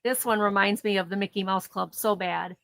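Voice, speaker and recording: A woman's voice: mid-range voice, steady tone, fairly quick, creaky, fairly bright tone, no room sound, rough recording. A chatty woman running a casual live sale from home, describing items and laughing easily. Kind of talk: casual live auction chat. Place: home, near her garage.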